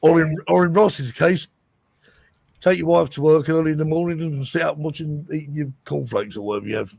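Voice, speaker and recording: A male host runs a loose, chatty live show and laughs often. His voice is gravelly and husky, recorded close and dry. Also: on the high side, fairly quick, darkish tone, no echo. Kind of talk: casual live show chat.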